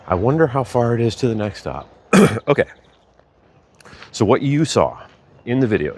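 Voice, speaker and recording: A man's voice: fairly low pitch, a little mellow. A man vlogging as he walks, telling a chatty, rambling story and correcting himself along the way. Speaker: vlogger walking a pilgrimage route. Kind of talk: casual storytelling to camera.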